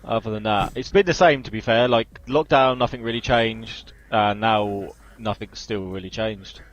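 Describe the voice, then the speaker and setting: A man's voice: lowish voice, moderate pace, highs cut off. A man co-hosting a casual podcast, offhand and teasing. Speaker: podcast co-host.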